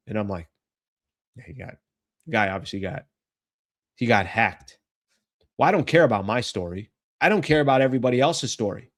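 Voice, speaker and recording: A man hosting a sports talk show, speaking at a medium pitch. He talks in a loose, chatty way, thinking aloud and catching himself mid-sentence before steering back to the point. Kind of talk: casual basketball commentary.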